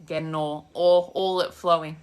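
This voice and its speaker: At a normal pace and with little movement in her low pitch, a young woman answers comments on a casual live stream about manifestation. She walks outside holding her phone, blunt, sassy, and free with her swearing.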